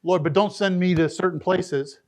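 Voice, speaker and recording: A male pastor preaching a sermon to a church congregation, moving between loud emphatic bursts and low, hushed asides. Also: fairly even intonation, normal speed. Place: church sanctuary.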